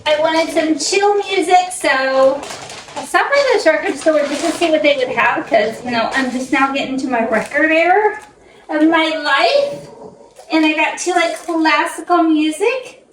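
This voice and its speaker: A woman's voice: high-pitched, a little slow, slight background noise. A young woman chatting casually in her vlog, often slipping into fond baby talk with her dog. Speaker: vlogger. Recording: roomy echo, mic at a distance.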